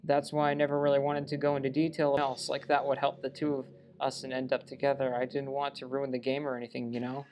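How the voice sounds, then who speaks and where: A man's voice: medium pitch, monotone, fast, few pauses, a little mellow, natural voice. A man playing through a game and reading a lovestruck young woman character's lines aloud in his own voice, with small stumbles along the way. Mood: sweet. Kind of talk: let's play reading game dialogue aloud.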